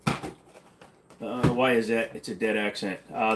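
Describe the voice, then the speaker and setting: A man's voice: mid-range voice, measured pace, noisy background. A man hosting a casual livestream and answering chat in a blunt, offhand way, swearing now and then. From Canada. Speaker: livestream host reading chat.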